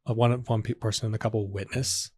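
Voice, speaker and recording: A man with a fairly low voice leads a slow, gentle guided meditation in a soft tone. The sound is dry and close, with no room echo. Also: little pitch movement, breathy edge. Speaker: psychotherapist guest. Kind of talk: guided meditation, then casual chat.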